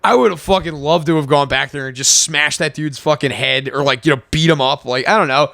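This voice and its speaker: A man's voice: fairly high pitch, a little fast, gravelly, sharp tone, no room sound, studio quality. A young man co-hosting a podcast, telling a rowdy story in casual, profane chat and acting out what people said, often laughing. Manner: profane, laughing storyteller who acts out quotes. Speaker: podcast co-host.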